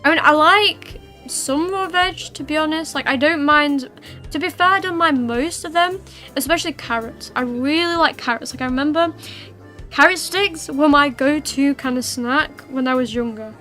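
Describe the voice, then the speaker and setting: A woman's voice: high-pitched, moderate pace, sharp tone, faint music behind. A young woman hosting a livestream, chatting casually with her viewers in a rambling way full of fillers and restarts. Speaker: livestream host. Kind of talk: casual chat with viewers while streaming.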